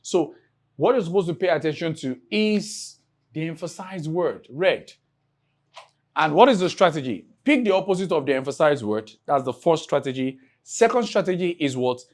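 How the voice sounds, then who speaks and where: A man's voice: a little high, expressive, a little mellow. A man teaching an exam-prep English lesson, stretching out example sentences and asking his class rhetorical questions. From Nigeria. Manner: drawn-out emphatic reading of example sentences.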